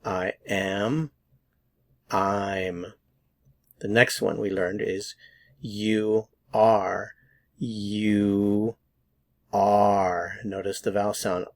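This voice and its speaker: Man, American accent, pronunciation teacher, slow and patient, lowish voice, dry close sound. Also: level tone, no room sound. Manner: patient, repeats words slowly for practice. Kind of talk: slow, deliberate pronunciation lesson.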